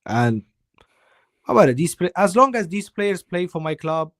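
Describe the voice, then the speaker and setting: A man's voice: high voice, sing-song, normal speed, fairly bright tone, no echo, clean studio sound. A man giving a heated football opinion on a live stream, weary and emphatic, repeating himself for stress. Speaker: guest co-host.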